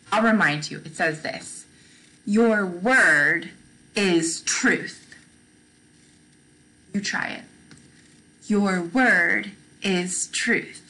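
A young woman teaching a gentle Bible lesson to toddlers, asking questions, repeating them and praising often. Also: medium pitch, low-quality recording. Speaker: children's teacher.

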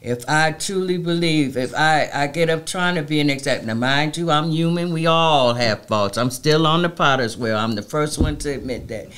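A middle-aged woman, a community advocate, speaks as a guest in an interview conversation. Her low-pitched, slightly bright voice moves at a moderate pace with few pauses. She sounds emphatic and heartfelt, with a preacherly cadence.

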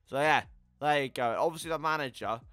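An eighteen-year-old man giving casual gameplay commentary, chatty and swearing, yelling at the game. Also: on the high side, brisk, very noisy. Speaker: gaming YouTuber.

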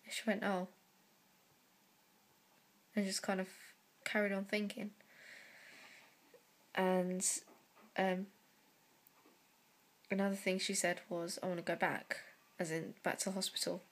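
A young woman talking to camera in a personal vlog, close to tears, halting and full of fillers and sighs. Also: mid-range voice, little pitch movement. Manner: slow, hesitant delivery. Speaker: vlogger.

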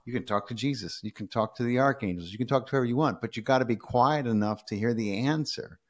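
A man talking as a podcast guest, telling stories in a lively, casual way that is full of restarts and the odd swear word. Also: mid-range voice, fast talker. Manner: animated storyteller, frequent restarts, casual swearing. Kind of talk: casual conversation.

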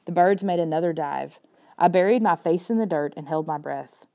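A woman narrating a children's chapter book aloud in a soft, measured storytelling manner. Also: lowish voice. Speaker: audiobook narrator. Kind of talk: scripted narration.

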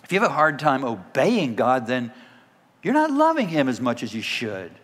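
A man preaching a sermon as the church's pastor, now and then breaking into loud dramatic cries when he acts out a scripture scene. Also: medium pitch, big pitch swings, normal speed. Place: church sanctuary. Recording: long reverb of a church hall.

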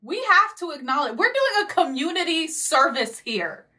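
A woman's voice: high voice, very animated, moderate pace, pushed and bright. A woman co-hosting a reaction video with her husband, bantering playfully and sarcastically. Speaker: co-host, host's wife. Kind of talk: casual reaction chat.

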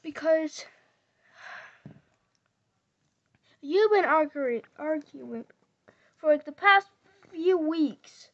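Girl doing a bossy little flareon w hiccups, high voice, slow talk, muffled lo-fi sound. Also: lively intonation, full character voice. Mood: irritated. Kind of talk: fan voice skit.

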